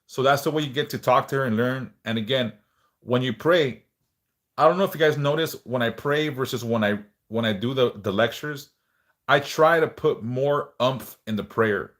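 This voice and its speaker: Man, livestream host, casual prayer talk, relaxed, occasional word repeats, swears. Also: mid-range voice, normal speed. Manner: relaxed, swears casually, reads chat aloud; speaks of stuttering, some word repeats.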